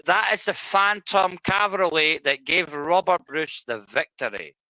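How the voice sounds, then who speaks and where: A Scottish man with a high, bright, forceful voice rambles through loose panel talk and swears freely. The sound is dry and close, as on a video call. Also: lively intonation, measured pace, dry recording, low-quality recording. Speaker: stream host. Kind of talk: rowdy casual panel chat.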